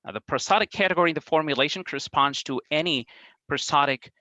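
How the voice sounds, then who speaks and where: A man delivering an academic linguistics talk in a bright, clear voice. He explains step by step, pausing on ums and restarting phrases now and then. The sound is close and dry, with no room around it. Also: on the high side, no room sound, poor audio. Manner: careful, measured, with frequent um and uh fillers and restarts. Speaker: academic presenter.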